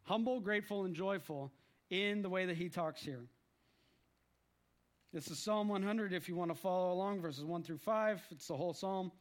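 A man from the United States preaching a lively sermon, with emphatic lists and short quoted voices. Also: sits high, moderate pace.

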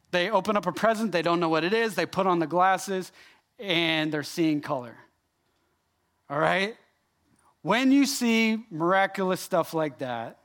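A man preaching a sermon, animated and emphatic, speaking directly to his congregation. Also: sits high. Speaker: pastor.

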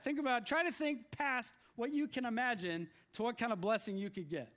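Man, high voice, from the United States, preaching, lively, emphatic. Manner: lively, with acted quotes and emphatic lists. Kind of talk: sermon.

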